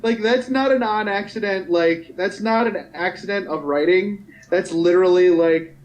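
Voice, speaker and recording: A man's voice: high voice, normal speed, highs cut off. A man co-hosting a podcast, chatting casually in a playful, teasing, pedantic way. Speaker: podcast co-host. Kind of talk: casual chat.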